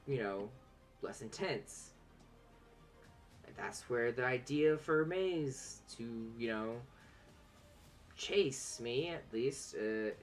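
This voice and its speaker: A man's voice: medium pitch, a bit bright. Rambling man in a role-play session. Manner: rambling, with many fillers and restarts. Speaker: tabletop role-play player. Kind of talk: casual in-character play over voice chat.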